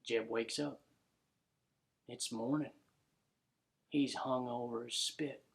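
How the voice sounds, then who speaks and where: Gravelly man drawling a comic tale. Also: mid-range voice, steady tone, slow pace. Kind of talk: comic storytelling narration.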